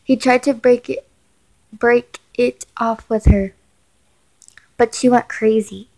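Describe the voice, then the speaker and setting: A woman's voice: fairly high pitch, fairly even intonation, slow, a little mellow. A woman reading as a firm, secretive mother. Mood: tense. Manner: firm, urging caution. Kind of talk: reading a chat story aloud.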